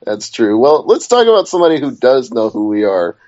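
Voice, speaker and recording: A male podcast co-host in casual chat, chatty and wandering off topic before reining it back in. His mid-pitched voice comes through dull, lo-fi podcast audio. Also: sing-song, fairly quick, darkish tone.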